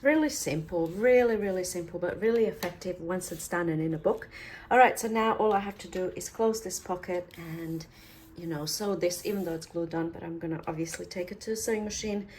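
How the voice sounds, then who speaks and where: A woman's voice: fairly low pitch, fairly quick, darkish tone, a little hiss or hum. Chatty woman talking through a craft tutorial. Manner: chatty, thinking aloud with offhand asides. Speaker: crafter demonstrating a project. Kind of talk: casual step-by-step craft tutorial.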